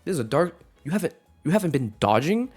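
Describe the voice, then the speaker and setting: Dude playing a blunt friend, disbelieving, keeps asking questions, pitched up. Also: male voice, very animated, quick pace, a little mellow, husky, faint music behind. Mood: incredulous.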